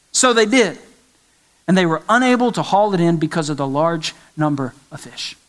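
A man with a high-set voice preaches a sermon. He speaks with emphatic conviction and drives points home by repeating them. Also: a bit bright. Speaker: pastor.

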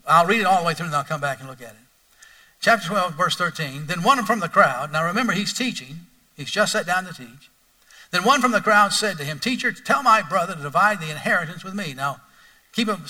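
Animated preacher man, bright and distant. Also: on the high side. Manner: animated, conversational, asks the congregation questions. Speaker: pastor. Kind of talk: sermon.

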